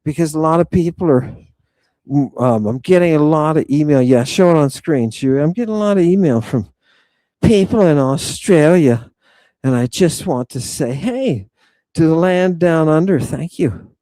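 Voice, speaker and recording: A middle-aged man hosting a live stream, reading viewer comments and riffing on them in an excitable, profane, rambling way. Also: a little high, moderate pace, no echo. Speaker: livestream host reading chat. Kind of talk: casual live-stream chat.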